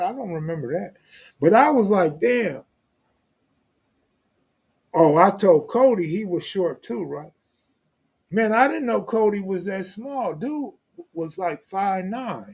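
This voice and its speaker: Husky-voiced joking Los man. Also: high-pitched, darkish tone. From Los Angeles, California. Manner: blunt, profane, joking street talk. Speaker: host. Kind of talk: live stream, reading viewer comments.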